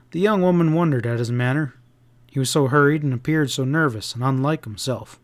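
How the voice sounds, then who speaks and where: A man narrating a classic western audiobook with a steady, measured reading. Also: medium pitch. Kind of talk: scripted narration.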